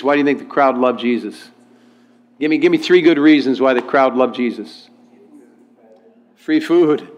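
A man preaching a lively sermon, reading scripture aloud and questioning his congregation. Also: mid-range voice. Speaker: pastor. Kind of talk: sermon with call and response.

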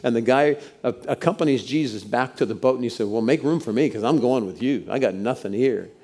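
Man preaching with a mellow, dark voice. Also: mid-range voice, brisk. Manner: expressive preaching, drops to hushed tones. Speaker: pastor. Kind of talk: sermon.

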